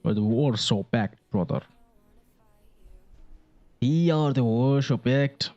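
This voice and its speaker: A young man voicing a proud, bombastic male Soviet patriot with a put-on Russian accent, proclaiming loudly. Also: fairly high pitch, very animated, a little slow, muffled recording, voice pushed up. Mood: grandly proud.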